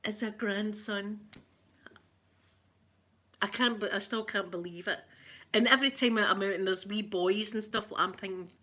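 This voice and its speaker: A woman's voice: medium pitch, fairly even intonation, fairly quick, bright, forceful tone. A middle-aged Scottish woman chatting casually with her live viewers, greeting them by name and laughing often. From Scotland. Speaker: ASMR livestream host.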